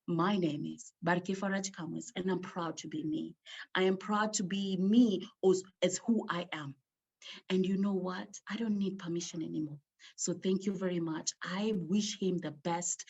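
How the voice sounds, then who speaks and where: A woman with a somewhat low voice shares a personal story at an online gathering. She speaks emotionally and with emphasis, drawing out key words. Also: normal speed, slightly rough.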